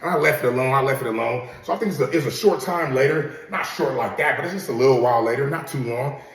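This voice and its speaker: A man's voice: mid-range voice, fast talker. A man casually telling his own story to an audience, in profane, streetwise talk, and he keeps checking in with his listeners. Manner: profane, streetwise, keeps checking in with "you know what I'm saying". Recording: roomy, distant from the mic.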